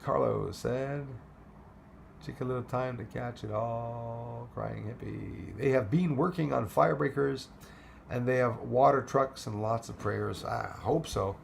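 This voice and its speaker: A man hosting a casual livestream from home, wandering from topic to topic and thanking viewers as he reads their comments. His voice sits in a middle pitch with a gravelly, fried edge. Faint noise hums behind him. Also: unhurried. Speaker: livestream host reading chat. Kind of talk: casual live chat.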